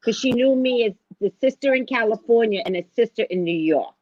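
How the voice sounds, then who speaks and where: A woman's voice: a little high, brisk, no room sound. A woman who teaches special education, telling a story in casual chat and acting out other people's lines as she goes. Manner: animated, acts out quoted voices, repeats phrases for emphasis. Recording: dull lo-fi dry sound.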